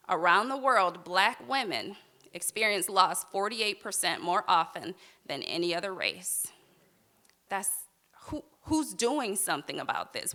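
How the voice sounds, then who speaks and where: A woman tells a personal story on a live stage, heartfelt and candid. Her voice is bright and clear, set at an ordinary middle pitch for a woman. Wry humor runs through her telling.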